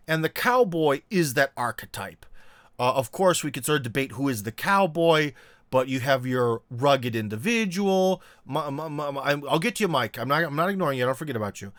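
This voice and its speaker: A man's voice: fairly high pitch, lively intonation, brisk, a bit bright, no echo. A man hosting a casual live-stream chat, rambling with lots of fillers and joking asides. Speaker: host.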